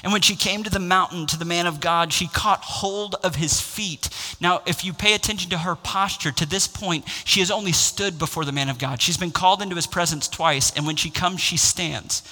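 High bright preacher guy, fired up sermon, long church reverb. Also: moderate pace, few pauses. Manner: impassioned, builds to raised exclamations. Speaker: pastor.

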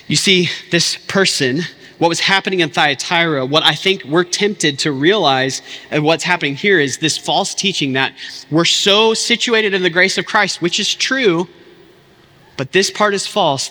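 A man's voice: a little high, pushed and bright, in a large hall. A man, preaching a sermon in an impassioned, conversational way, full of casual asides. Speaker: pastor.

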